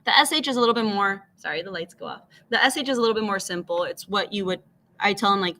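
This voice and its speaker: A woman's voice: mid-range voice, fast, sharp tone, a little hiss or hum. A woman teacher patiently explaining phonics, switching between English and Spanish and modeling each letter sound aloud. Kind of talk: bilingual classroom phonics explanation.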